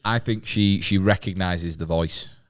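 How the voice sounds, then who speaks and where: A man co-hosting a casual improv podcast, relaxed and a bit halting, laughing often. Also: low-pitched, no room sound, studio quality. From England. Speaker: podcast co-host.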